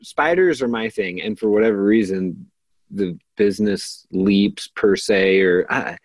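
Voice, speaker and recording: A man's voice: on the low side, unhurried, no room sound. An American man from Kansas, a podcast guest, talking casually and effusively with lots of filler words. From Kansas, United States. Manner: chatty and effusive, full of "like" and "oh my God". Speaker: podcast guest, class facilitator. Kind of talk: casual conversational interview.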